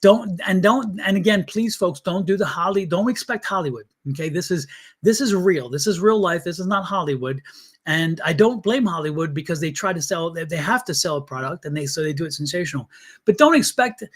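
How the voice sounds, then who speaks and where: A man's voice: high-pitched, animated, brisk, breathy edge. A man hosting a live tarot stream, talking to viewers in an earnest, blunt and chatty way. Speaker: tarot reader and livestream host.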